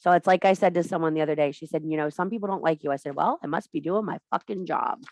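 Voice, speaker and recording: Her voice sits low and a little mellow, moving at a quick pace with no echo. She's a spiritual teacher addressing a women's circle in an impassioned talk, preaching emphatically with blunt, profane language.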